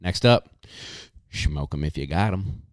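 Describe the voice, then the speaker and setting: A man hosting a casual podcast, reading sponsor spots in a hyped, slangy way with drawn-out catchphrases. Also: low-pitched, animated, no room sound, clean studio sound. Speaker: podcast host.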